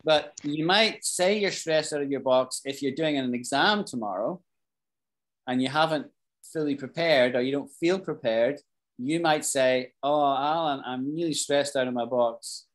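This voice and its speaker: A British man teaching an English class, explaining expressions slowly, repeating key phrases and asking his students questions. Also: medium pitch. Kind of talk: live online English lesson.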